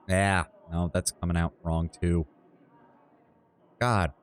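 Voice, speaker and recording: A man's voice: low voice, little pitch movement, slow. A man casually thinking aloud while streaming a game from his apartment, self-deprecating and full of restarts. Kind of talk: casual livestream commentary.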